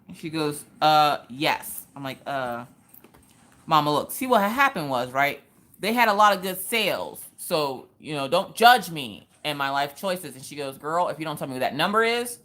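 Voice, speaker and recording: A young woman hosting a craft livestream, telling a story to her viewers in an animated way and acting out the quotes with Southern slang. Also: low voice, normal speed.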